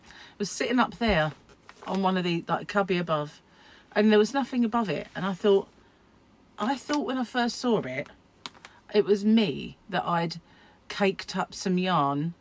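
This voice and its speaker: A woman's voice: medium pitch, lively intonation, measured pace, slight background noise. A middle-aged British woman from the UK, chatting casually to camera as a crochet vlogger, rambling and self-deprecating with frequent laughs. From United Kingdom.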